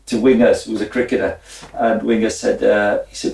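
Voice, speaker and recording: Gravelly man, lively storyteller. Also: fairly low pitch, fairly quick. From Wales. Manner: animated, laughing, acts out his own side of dialogue. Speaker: guest, former footballer and minister. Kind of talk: conversational storytelling. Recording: echoey room, distant mic.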